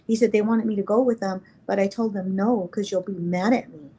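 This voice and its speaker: Interview guest: woman, middle-aged, from New Mexico, medium voice, emotional and halting, acts out the dialogue in her story. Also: medium pitch, steady tone, mellow, slightly rough, low-quality recording.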